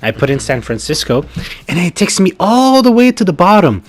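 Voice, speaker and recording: A man's voice: high-pitched, sing-song, moderate pace. A man telling a funny story in a casual chat, swearing freely and laughing as he talks. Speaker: podcast co-host.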